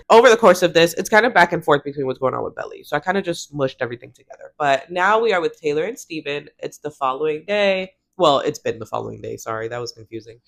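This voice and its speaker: A woman's voice: low-pitched, gravelly. Chatty woman recapping a TV episode. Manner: animated, quotes characters in quick voices, laughs often. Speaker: recap vlogger.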